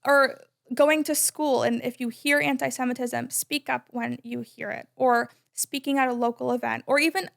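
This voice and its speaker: A woman in her twenties, a podcast guest talking in a loud, emphatic, chatty way with many "like"s. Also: high-pitched, steady tone, moderate pace, vocal fry. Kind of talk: casual conversation.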